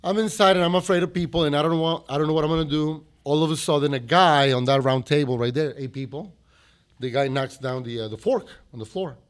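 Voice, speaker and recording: A man's voice: on the high side, fast talker. A man from Mexico with a Mexican accent, a restaurant owner telling a story as a guest in a podcast interview, acting out the dialogue as he goes.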